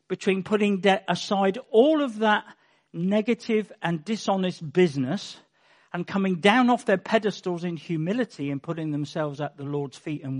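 High-voiced man teaching scripture. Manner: emphatic, with wry asides and chuckles. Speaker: Bible teacher. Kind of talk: conversational sermon.

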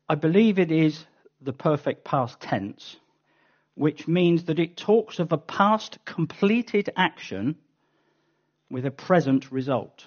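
A man's voice: fairly high pitch, lo-fi sound. A man preaching a sermon, reading scripture and explaining it in an earnest teaching manner with sudden emphatic bursts.

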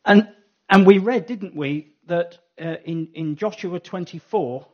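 A man with a high-pitched voice speaks at a measured pace, giving a Bible teaching talk. He thinks aloud, with frequent ums and self-corrections. The recording is dull and lo-fi.

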